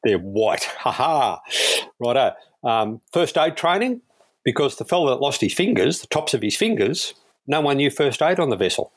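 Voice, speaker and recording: A man's voice: medium pitch, very animated, normal speed, no echo. An Australian man, a police air rescue crewman, telling stories in a laid-back, chuckling way as an interview guest. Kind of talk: casual storytelling interview.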